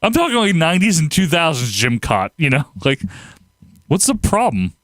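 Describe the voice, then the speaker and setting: Animated, rambling man hosting a livestream. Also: a little high, moderate pace, dry recording. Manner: rambling, laughs often, animated outbursts. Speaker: livestream host. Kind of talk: casual livestream chat reading viewer comments.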